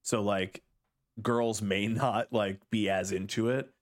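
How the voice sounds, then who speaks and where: A man's voice: fairly low pitch, steady tone, slow. A man in his thirties co-hosting a podcast, rambling and wry with lots of fillers. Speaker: podcast co-host. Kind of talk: casual chat.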